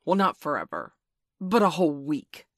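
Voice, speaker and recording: A woman reading aloud and voicing a stern, proud young boy leader, delivering his lines as loud, commanding declarations. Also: low voice, big pitch swings, moderate pace, no room sound, clean studio sound, full character voice.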